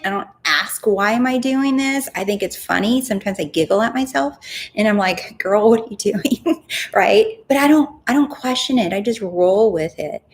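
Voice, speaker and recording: Chatty, animated woman coach. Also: medium pitch. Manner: chatty and animated, laughs at herself, says "right?" often. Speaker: manifestation coach hosting a live Q&A. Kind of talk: casual live Q&A monologue.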